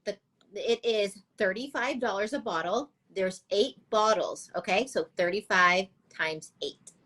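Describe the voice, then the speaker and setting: A woman speaks as a guest on a live video interview. She has a mid-pitched voice and a calm, reassuring, coaching way of giving advice. She talks through a video call mic. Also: a little slow. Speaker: guest, pigment brand founder.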